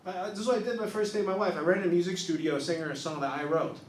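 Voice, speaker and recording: A man in his thirties doing a stand-up set on a small club stage, telling confessional stories that swing from soft asides to loud punchlines. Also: high voice, steady tone, rapid-fire, a little hiss or hum. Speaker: stand-up comedian. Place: small improv club stage, live audience. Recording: roomy club sound from a distance.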